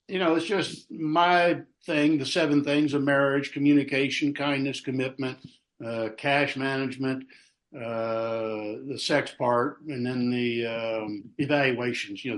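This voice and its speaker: A man's voice: mid-range voice, fairly even intonation, moderate pace, fairly bright tone. An older man in his sixties, a pastor from Texas, telling stories in a casual, folksy way and acting out what others said. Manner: folksy, acts out quotes with raised voice. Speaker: pastor, podcast guest. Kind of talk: casual chat, storytelling.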